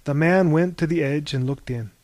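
Man reading a storybook, calm and wry. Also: fairly high pitch, moderate pace, dry recording. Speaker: narrator.

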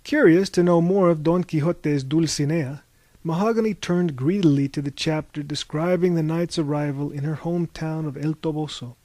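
A male narrator reading a novel aloud at an even, wry pace, his voice set slightly high for a man. The recording is close and dry, with no trace of room sound. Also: moderate pace, no room sound.

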